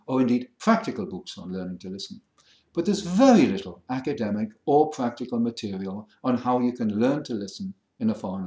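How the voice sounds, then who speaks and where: A middle-aged man with a middle-class educated English accent, explaining things in a measured, wry teaching manner. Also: medium pitch, darkish tone, roomy sound. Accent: standard English, middle-class educated. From England. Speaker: French listening teacher. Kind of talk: lecture to camera.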